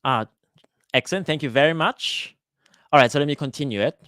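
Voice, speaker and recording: A man hosting a live Q&A for his cooking channel, chatting casually and greeting viewers by name, often pausing with "uh" and restarting his sentences. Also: fairly high pitch, fairly bright tone, dry recording, studio quality. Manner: hesitant, with frequent "uh" fillers and restarts. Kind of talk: live-stream Q&A chat. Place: lives in Switzerland.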